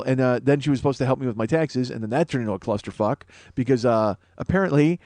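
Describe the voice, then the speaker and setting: A man's voice: medium pitch, fast, a little mellow, no echo. A man hosting a podcast, telling a rambling comic story in an exasperated, profane, self-mocking way. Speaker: podcast host.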